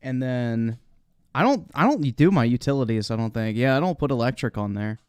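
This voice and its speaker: A man's voice: mid-range voice, animated, brisk, clean tone, no room sound, studio quality. A man giving casual, profane commentary on a live stream as he reacts to clips, laughing often. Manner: laughs often, swears freely.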